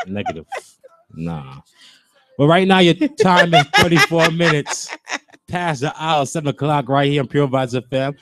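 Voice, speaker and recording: A man's voice: on the high side, animated, unhurried. A man hosting a radio show, bantering in a laid-back, slangy way with a New York accent. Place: radio studio.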